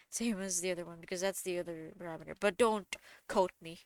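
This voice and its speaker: A woman's voice: on the low side, steady tone, moderate pace, a little mellow, no room sound. Chatty woman giving a dry, close lesson. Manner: chatty, digressive and self-correcting; self-deprecating asides. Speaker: student presenter explaining physiotherapy techniques. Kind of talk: casual recorded lesson.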